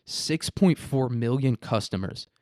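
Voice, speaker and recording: A man's voice: mid-range voice, expressive, measured pace, a little mellow, dry recording, studio quality. A young man hosting a profane, rambling comedic commentary on news stories. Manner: rambling, crude, laughing. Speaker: host.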